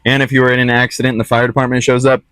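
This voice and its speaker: A man's voice: mid-range voice, level tone, very fast, fairly bright tone, clean tone, dry recording. A man talking casually to the camera as a trucking vlogger while walking his dog outdoors at a truck stop, rambling and correcting himself as he goes. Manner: rambling, easygoing, self-correcting. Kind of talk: casual vlog talk.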